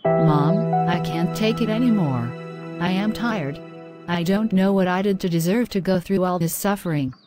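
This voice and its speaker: A woman voicing a young married wife in an animated drama, pleading and worn down. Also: fairly low pitch, normal speed, music in the background, natural voice.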